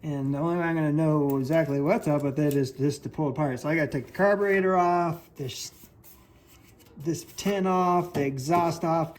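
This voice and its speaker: Working through a job in the repair shop, a small engine technician explains things casually and hands-on at a moderate pace and medium pitch. His manner is easygoing and plain, and he thinks out loud while he works.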